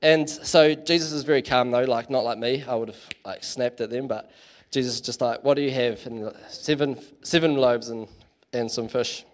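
A man's voice: mid-range voice, moderate pace. A man giving a casual, chatty sermon in church, full of fillers and self-deprecating asides. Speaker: preacher.

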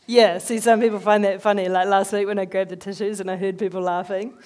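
A woman giving a conversational sermon, telling animated, chatty stories in an everyday voice. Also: medium pitch, brisk. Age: adult, working as a head teacher. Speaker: lay speaker giving a talk.

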